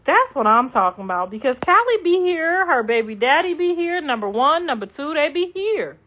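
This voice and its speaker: A woman's voice: high voice, sing-song, normal speed. A middle-aged woman hosting a livestream, chatting casually and reading comments in a blunt, profane, sassy way. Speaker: livestream host. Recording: dull lo-fi livestream audio.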